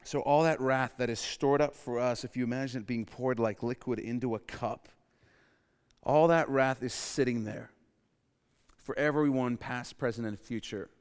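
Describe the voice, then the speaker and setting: Male pastor, mid-pitched, preaching with big swings from loud to hushed, in a reverberant hall. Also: fairly even intonation, moderate pace, smooth. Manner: calls for audience response. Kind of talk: sermon.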